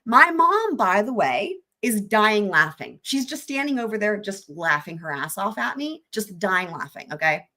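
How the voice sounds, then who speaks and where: Animated young woman telling a story. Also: mid-range voice, normal speed, hardly any pauses. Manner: animated, laughing often, swearing casually. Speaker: livestream host. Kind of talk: casual storytelling chat.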